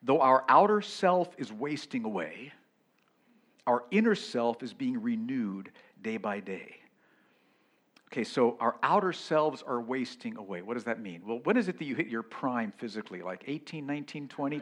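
A middle-aged male pastor preaching a sermon, moving between loud exclamations and hushed whispers. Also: medium pitch, animated, moderate pace.

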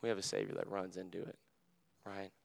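A young man preaching a sermon in a conversational, animated way, full of fillers, and dropping to a hush for quoted words. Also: sits low, a little fast, creaky. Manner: drops to a hushed voice when quoting Jesus.

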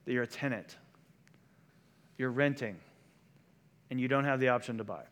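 A man's voice: mid-range voice, normal speed, a bit bright. A man preaching a sermon as pastor, in a conversational style that moves into quoted voices. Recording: long hall reverb.

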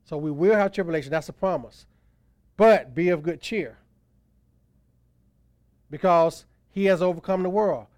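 A man's voice: on the high side, moderate pace, long pauses, darkish tone, no room sound. Emphatic man preaching a sermon. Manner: emphatic preaching, voice rising and falling for stress. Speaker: pastor.

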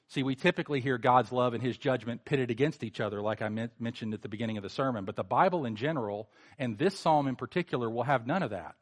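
A male pastor preaching a sermon, animated, with sarcastic mocking asides. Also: medium pitch, fast talker, few pauses.

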